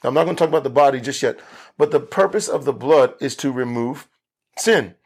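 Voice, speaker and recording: A man's voice: mid-range voice, expressive, a little fast, a little mellow, slightly rough. A man pastor teaching a Bible study for video, earnest and emphatic, repeating key phrases for stress.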